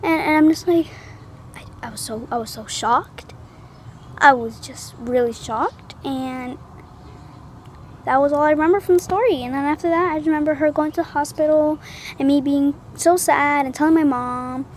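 A young woman at home, telling a personal story for her vlog in an animated, dramatic way with gasps and acted-out lines. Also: high voice, moderate pace, a little hiss or hum. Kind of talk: casual storytime. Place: at home, indoors.

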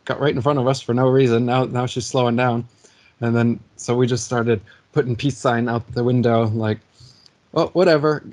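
A man in his forties recounting a personal anecdote in casual conversation, animated and laughing often. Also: medium pitch, normal speed. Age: 40s.

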